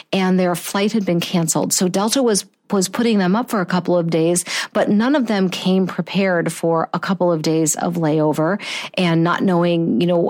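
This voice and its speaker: A woman's voice: on the low side, darkish tone. A middle-aged woman telling a personal story in an earnest, heartfelt way, often restarting her sentences. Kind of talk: personal anecdote, reflective storytelling.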